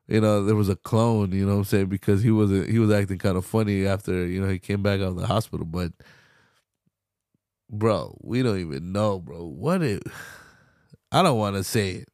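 A man's voice: lowish voice, a little mellow, no room sound, clean studio sound. A young man hosting a podcast, rambling casually with slang, swearing and laughter. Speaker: podcast host. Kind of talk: casual solo commentary.

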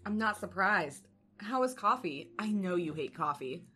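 A woman's voice: fairly low pitch, expressive, a little slow, sharp tone, slight background noise. A woman doing a blunt, protective roommate. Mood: concerned.

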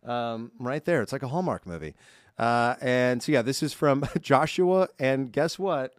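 Man, podcast co-host, dry studio sound, middle pitch, chatty and upbeat. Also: animated, unhurried, no room sound. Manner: chatty, upbeat, reads fan mail aloud. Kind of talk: casual podcast chat.

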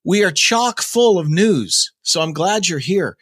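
A man's voice: sits high, lively intonation, unhurried, fairly bright tone. A man hosting a daily rock news podcast, talking casually with jokey asides and plenty of fillers and restarts. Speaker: podcast host.

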